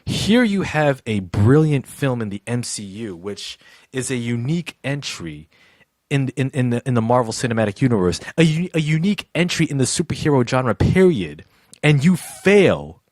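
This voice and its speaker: A man co-hosting a podcast, answering a listener's email with slow, emphatic, drawn-out words. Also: medium pitch, lively intonation, a little mellow, no room sound, studio quality. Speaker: podcast co-host. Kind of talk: casual podcast review chat.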